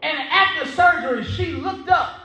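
A man preaching a sermon as pastor, telling a story and building to shouts, with a Southern US accent. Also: extremely high pitch, a little slow. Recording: echoey church hall.

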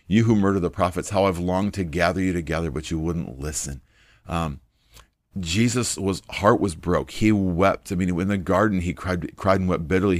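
Deep-voiced earnest preacher man. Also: no echo, studio quality. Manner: earnest, conversational, many fillers. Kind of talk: informal sermon.

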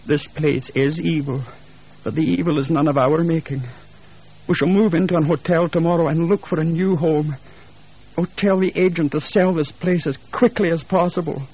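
A man's voice: fairly high pitch, steady tone, moderate pace, darkish tone, husky, pitched above the performer's own voice. A man voicing a shaken, resolute middle-aged housewife in urgent, earnest speech, heard on a dull lo-fi 1980s radio recording. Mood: alarmed.

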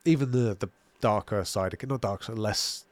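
A man's voice: fairly low pitch, moderate pace, no room sound. A man co-hosting a casual show review chat, talking loosely and laughing while he reads out listener comments. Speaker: podcast co-host.

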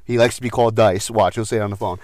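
A man hosting a sports podcast, teasing his co-host and swearing freely in an excitable, casual way. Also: lowish voice, rapid-fire, no room sound.

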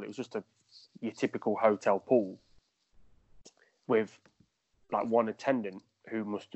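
A man's voice: on the low side, a little mellow, dry recording. Man telling stories, dull dry recording. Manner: rambling, laughs through anecdotes. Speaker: footballer guest. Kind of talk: casual storytelling.

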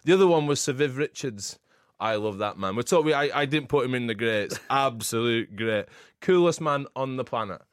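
A man co-hosting a podcast, telling animated stories with frequent laughter in casual chat. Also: mid-range voice, moderate pace, smooth, no echo, studio quality. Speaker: podcast co-host.

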